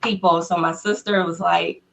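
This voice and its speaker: This is a woman with a somewhat low-pitched voice, chatting as a guest in an interview. She tells her story eagerly and casually, with frequent laughs, and acts out each quote in a raised voice. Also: steady tone, normal speed, creaky, noisy background. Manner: laughs often between phrases.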